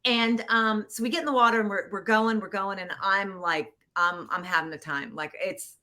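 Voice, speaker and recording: Bright-voiced woman telling a story. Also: medium pitch, normal speed. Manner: animated, acts out quoted voices, laughs often. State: getting teary. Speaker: podcast guest, producer and actor. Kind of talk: casual storytelling interview. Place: Los Angeles.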